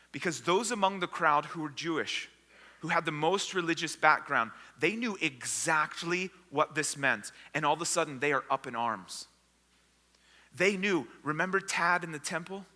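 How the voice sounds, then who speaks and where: High bright-voiced preacher in a hall. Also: male voice. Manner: storytelling, acting out the disciples and crowd. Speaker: pastor. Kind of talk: sermon. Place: church sanctuary. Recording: long hall reverb.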